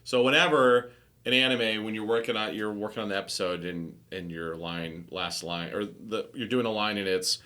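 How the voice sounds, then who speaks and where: A man co-hosting a podcast, chatting casually in a relaxed, chatty way. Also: lowish voice, normal speed. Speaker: podcast co-host. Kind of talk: casual chat.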